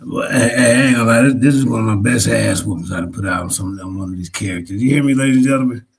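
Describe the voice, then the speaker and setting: Low and husky, this is a boastful bruiser who taunts and brags , as a man puts him on. There's a gravelly fry under the voice, and it sits well below his usual talk. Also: fast talker. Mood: gloating. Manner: bragging, taunting.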